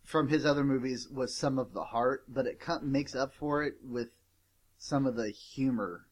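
A man chatting casually on a podcast, easygoing and quick to agree. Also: mid-range voice. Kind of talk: casual chat.

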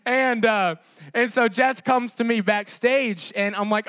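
A man delivering a sermon as pastor, his voice sitting high for a man. He builds through repeated rhetorical questions and phrases, with plenty of fillers along the way. The sound is dry, with no room echo. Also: measured pace, fairly bright tone. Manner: impassioned, rhetorical repetition with frequent fillers.

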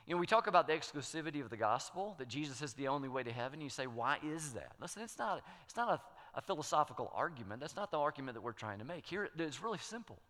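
A man's voice: fairly high pitch, big pitch swings, quick pace, hardly any pauses, fairly bright tone. Emphatic preacher man in a reverberant hall. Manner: emphatic, rising to strong peaks, repeating key words. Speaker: pastor. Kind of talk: sermon.

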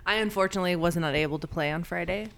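A woman with a bright, crisp tone and a fairly low voice, co-hosting a casual podcast. She tells stories in an animated way and laughs often between lines. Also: rapid-fire, a little hiss or hum. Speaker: podcast co-host. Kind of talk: casual storytelling chat.

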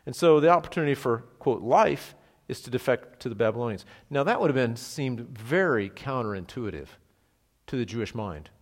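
A man's voice: medium pitch, expressive, brisk. A man preaching an expository Bible study, conversational and emphatic, who leans into quoted lines with dramatic emphasis. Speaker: pastor.

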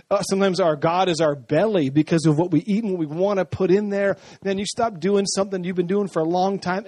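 A man preaching a sermon in a conversational, animated way, often acting out voices. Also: high-pitched, no echo.

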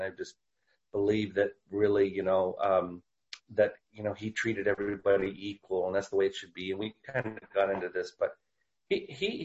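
Man preaching, low voice, halting restarts, dull lo-fi recording. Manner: storytelling, halting with many restarts. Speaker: preacher and author. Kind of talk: casual teaching talk. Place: Portland area.

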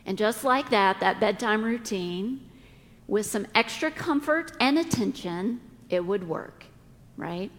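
A middle-aged woman pastor preaching a sermon, speaking deliberately with dramatic pauses. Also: medium pitch, lively intonation. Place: church sanctuary. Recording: long reverb of a church hall.

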